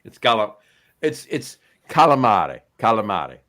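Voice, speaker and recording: A man's voice: fairly low pitch, sing-song, unhurried, a bit bright. A man, co-hosting a podcast in casual chat, rambling with many restarts. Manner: rambling, full of restarts and fillers. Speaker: podcast co-host.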